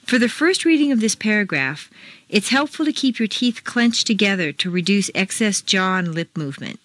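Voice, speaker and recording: A woman teaching pronunciation, reading scripted drills slowly and deliberately, with exaggerated intonation. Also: medium pitch, animated, a bit bright. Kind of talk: scripted accent-training lesson.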